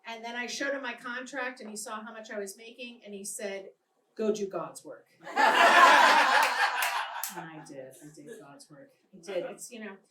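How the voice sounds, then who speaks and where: A woman's voice: medium pitch, normal speed. A middle-aged woman from Boston with a Boston accent, doing a brash, bawdy live stand-up routine and working the crowd. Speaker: stand-up comedian. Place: comedy club stage before a live audience. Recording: echoey club recorded from far off, loud crowd noise. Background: audience laughter and applause.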